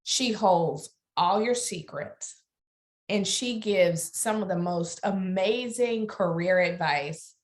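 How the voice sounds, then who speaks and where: A woman's voice: mid-range voice, slow. A middle-aged woman with a Southern US accent from Alabama, speaking earnestly as a guest in an interview. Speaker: guest lawyer. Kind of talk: interview conversation.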